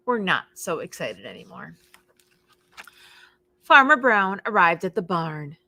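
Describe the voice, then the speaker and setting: A woman, a children's librarian, reads a picture book aloud for preschoolers in an animated, expressive way, playing up the sounds for children. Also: fairly low pitch, unhurried, gravelly, pauses often, no room sound. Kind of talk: storytime read-aloud for preschoolers.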